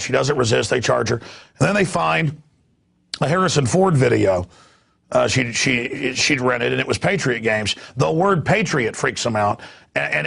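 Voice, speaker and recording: A man's voice: a little high, a bit bright. A man hosting a talk radio interview, emphatic and stammering when worked up. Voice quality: gravelly, raspy. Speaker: host.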